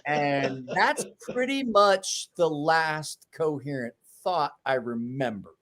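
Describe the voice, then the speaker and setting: A man's voice: on the high side, expressive, slow, a bit bright. A man in his forties, a podcast host telling a rowdy anecdote in casual, profane chat. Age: 40s. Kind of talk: casual storytelling.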